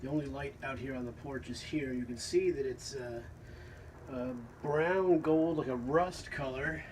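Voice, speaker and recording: Man, casual collector, rambling delivery, mid-pitched voice, faint noise behind him. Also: unhurried, a little mellow, poor audio. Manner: rambling, hesitant, lots of fillers. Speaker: vintage fan collector. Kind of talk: casual show-and-tell narration. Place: porch at home.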